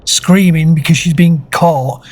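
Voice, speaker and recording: A man delivers sarcastic video commentary in a slow, unhurried drawl. His voice is husky, and he stretches out his mocking asides. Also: fairly high pitch, steady tone. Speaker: commentary channel host.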